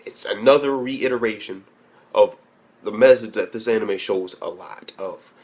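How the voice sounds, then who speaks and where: A man's voice: lowish voice, moderate pace, a little mellow. A young man ranting bluntly and profanely in an anime review, rambling with restarts. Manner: profane and blunt, heavy swearing.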